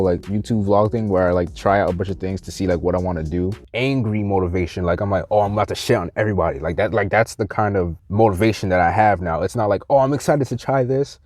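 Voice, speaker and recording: A man's voice: deep voice, a little mellow, dry recording. A young man vlogging a heated, profane rant to the camera, mocking other people in quoted voices. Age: young adult.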